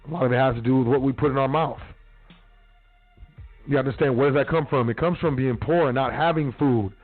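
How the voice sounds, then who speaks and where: A man's voice: mid-range voice, brisk. Guy on talk radio preaching at listeners, slangy and cussing, sounds like a phone call, faint music behind. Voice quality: profane, street slang, preachy. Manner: blunt, repetitive, lecturing. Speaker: radio talk show host. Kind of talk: casual solo radio talk.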